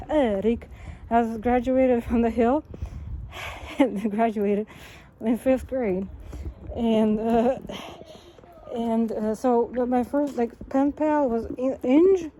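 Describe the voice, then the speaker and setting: A woman's voice: a little high, warm tone, slight background noise, poor audio. A woman talking alone to the camera in a wandering monologue, jumping between topics, correcting herself mid-sentence, with many fillers and small laughs. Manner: rambling, jumps between topics, self-correcting. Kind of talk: rambling monologue.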